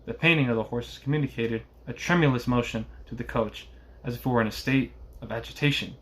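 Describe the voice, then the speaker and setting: A man reading a classic novel aloud in a steady voice, with occasional small slips. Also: medium pitch, brisk. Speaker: reader.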